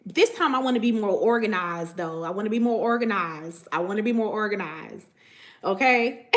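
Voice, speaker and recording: A woman vlogging casually to her viewers about spiritual matters, animated and profane, laughing often. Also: medium pitch, moderate pace. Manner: profane, animated, laughs often, repeats "you know what I'm saying".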